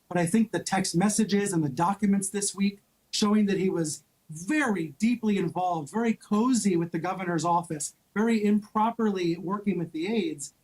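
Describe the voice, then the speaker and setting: Male correspondent, high voice, measured broadcast analysis. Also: darkish tone, poor audio. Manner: measured, explanatory. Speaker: media correspondent.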